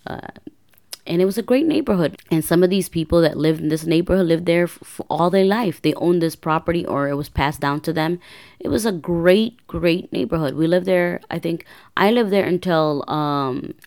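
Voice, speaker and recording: A woman's voice: lowish voice, moderate pace, a little mellow. A woman hosting a podcast, telling her life story in a casual, rambling way that corrects itself as she goes. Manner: rambling, self-correcting, chatty. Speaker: podcast host.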